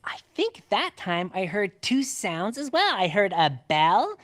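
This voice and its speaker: A woman voicing a friendly, eager cartoon pet dog who answers slowly and playfully. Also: mid-range voice, sing-song, a bit bright. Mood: thoughtful. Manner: slow, thoughtful, playful answers. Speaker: cartoon character.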